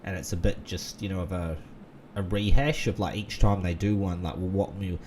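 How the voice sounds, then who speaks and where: A man's voice: deep voice, moderate pace, darkish tone, slight background noise. A man, rambling in casual gaming commentary full of fillers and restarts. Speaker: gaming channel host. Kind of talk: casual let's-play commentary.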